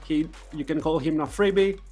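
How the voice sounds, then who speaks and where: Male esports analyst, fairly high voice, halting delivery with restarts and dry jokes, live broadcast desk. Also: darkish tone, soft background music.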